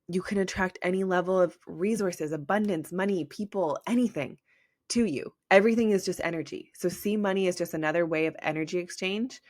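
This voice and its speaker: In a lowish voice with clean studio sound and no room tone, a female business coach talks alone on her podcast. Her monologue is rambling and casual, full of "like," and warmly motivational.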